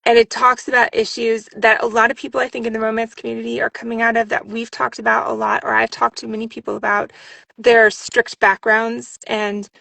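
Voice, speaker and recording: A woman voice actress chatting in an interview, talking fast and rambling, with many restarts. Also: on the high side, gravelly, a bit bright, no room sound. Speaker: voice actress and audiobook narrator, guest. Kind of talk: casual interview chat.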